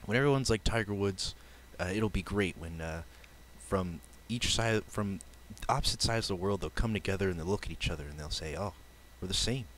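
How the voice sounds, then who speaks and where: A man doing a brash, foul-mouthed joke teller in a lowered, hushed voice, rambling along earnestly before turning blunt. The delivery is loose and casual, with a faint hiss underneath. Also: a little fast, poor audio. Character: brash foul-mouthed middle-aged man telling jokes.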